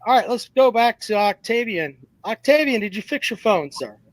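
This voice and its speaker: A man's voice: high voice, expressive, moderate pace, no room sound, rough recording. A man hosting a casual sports talk show with callers, blunt and profane.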